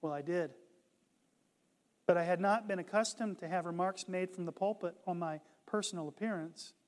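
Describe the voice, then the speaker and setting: High-pitched guy preaching slow, gets loud and fired up, big echoey hall. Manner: slow, building to impassioned shouts. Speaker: pastor. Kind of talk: sermon.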